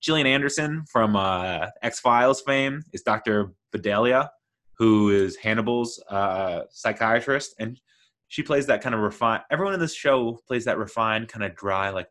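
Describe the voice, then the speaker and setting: Enthusiastic male reviewer, lower pitch, loose and rambling delivery. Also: normal speed, fairly bright tone. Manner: rambling, many fillers and restarts, enthusiastic. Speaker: TV show reviewer. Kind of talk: casual review chat.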